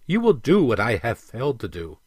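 A man's voice: medium pitch, wildly swooping pitch, fairly quick, breathy edge, no room sound, studio quality. A man voicing a stern old dwarf king. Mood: stern commanding. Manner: firm, declarative, louder than the narration. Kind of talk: audiobook character reading.

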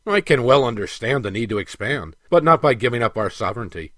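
A man's voice: medium pitch, animated, a little fast, a bit bright, dry recording, clean studio sound. A man reading the part of a blunt, combative general, the emperor's son, who talks with impatient force. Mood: defiant.

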